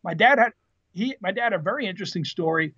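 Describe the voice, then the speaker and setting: With a high-sitting voice and a fast delivery, a fifties-aged podcast guest who retired as a Marine officer spins casual family stories, performing the quoted lines with energy. The lo-fi audio has a dull quality.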